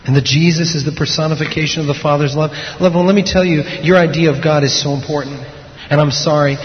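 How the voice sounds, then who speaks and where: A man preaching a sermon to a congregation, moving between slow hushed passages and loud, excited storytelling. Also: mid-range voice, muffled recording, slight background noise. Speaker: pastor. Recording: long hall reverb, faint ambience.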